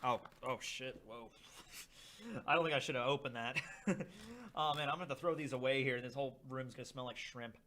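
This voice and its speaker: A young man hosting a casual charity livestream, reading chat aloud and trying snacks with a rambling, animated manner. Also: mid-range voice, fairly quick, slight background noise. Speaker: livestream host.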